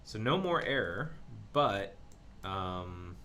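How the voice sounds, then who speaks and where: His voice sits low and moves in a slow, sing-song way, bright and forceful, with a faint hiss or hum behind it. He's a man running a live coding stream, narrating his thoughts as he works through code and dropping frequent ums.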